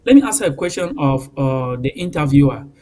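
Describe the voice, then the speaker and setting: A man joining a television news panel discussion, speaking in a halting way with many ums and pauses. His voice sits at an ordinary middle pitch, and his delivery sounds emotional. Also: animated, mellow, rough recording. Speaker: panel guest.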